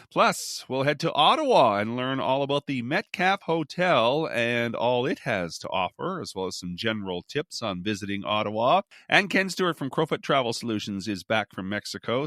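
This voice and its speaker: Lively male podcast host. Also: mid-range voice, dry recording, clean studio sound. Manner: lively, animated intro delivery. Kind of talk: upbeat podcast hosting.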